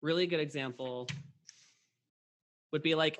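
This podcast host talks in an unhurried, fairly high, slightly bright voice. His casual, meandering chat is packed with "like" and filler words, and he keeps acting out past conversations.

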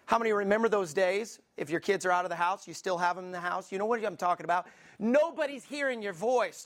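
A man's voice: sits high, fairly bright tone. A man delivers a sermon from the pulpit as pastor. He preaches with passion, talking the way one talks with friends, and keeps turning to his listeners with questions. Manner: impassioned, conversational preaching with many asides to the congregation.

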